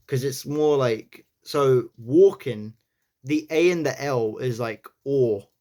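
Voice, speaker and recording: A man's voice: medium pitch, slow pace, mellow. A man casually talking through his accent practice, thinking aloud and often saying "you know".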